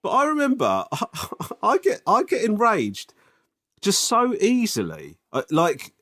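A man, telling animated stories in a casual podcast chat and swinging into mock outrage. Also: high voice, unhurried.

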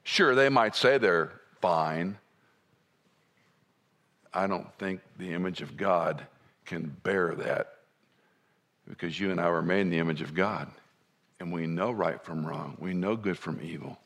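A man preaching a sermon in a conversational way, dropping to soft asides and rising to emphatic points. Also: low voice, unhurried, pauses often. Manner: conversational, wide swings between soft and emphatic.

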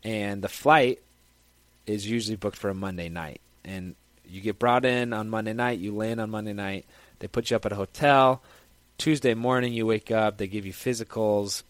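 A young man, a football player, tells a personal story in a casual, lively, conversational way. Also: on the low side, moderate pace, no room sound.

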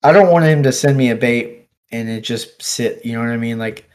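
A man swapping fishing stories in an easygoing chat, his voice sitting at an ordinary middle pitch. He talks in an animated, rambling way, full of "like" and "dude", and he laughs often. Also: normal speed. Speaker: podcast guest angler. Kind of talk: casual storytelling chat. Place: office.

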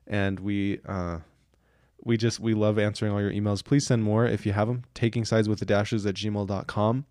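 A young man co-hosting a podcast, talking in a relaxed, reflective way. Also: lowish voice, moderate pace, no echo, studio quality. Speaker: podcast co-host. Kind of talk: casual chat.

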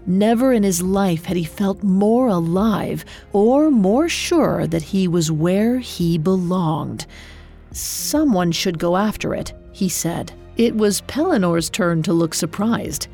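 A woman narrating a scripted storybook legend in a measured, deliberate way. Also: medium pitch, dark tone.

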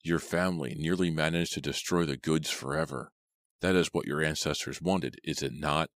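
A man reading an axe-wielding killer in a storybook, speaking slowly, calmly and menacingly. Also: rumbling low, dry recording. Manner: slow, calm, menacing delivery. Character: murderous man with an axe, calm and gloating.

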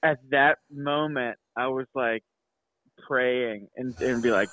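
A man's voice: a little high, lively intonation, pushed and bright, no room sound, rough recording. A man hosting a podcast, chatting casually with stammering restarts. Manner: quick reactions, stammering restarts. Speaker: podcast host. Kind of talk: casual chat.

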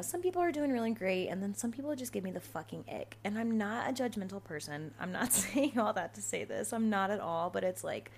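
A woman in her twenties hosting a podcast, telling stories in a casual, profane, animated way. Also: medium pitch, slight background noise. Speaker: podcast host. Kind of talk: casual storytelling monologue.

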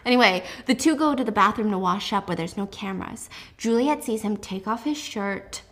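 A young woman hosting a casual book recap, chatty and animated, with lots of "like". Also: mid-range voice, normal speed. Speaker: host.

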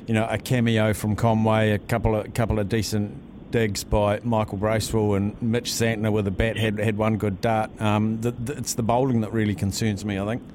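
A man's voice: on the low side, little pitch movement, moderate pace, a little mellow, a little hiss or hum. Easygoing New talkback host man. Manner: easygoing, teasing, chatty. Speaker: radio host. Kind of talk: casual talkback radio.

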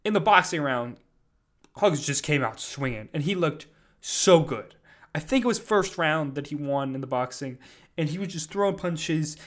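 A man's voice: fairly high pitch, animated, moderate pace. A man casually recapping a live event, rambling with lots of fillers and "like". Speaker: podcast host recapping an event.

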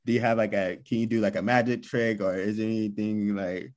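A man's voice: fairly low pitch, fairly even intonation, fairly quick, a little mellow. A man hosting a podcast interview, asking loose questions full of fillers. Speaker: podcast host. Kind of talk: casual interview.

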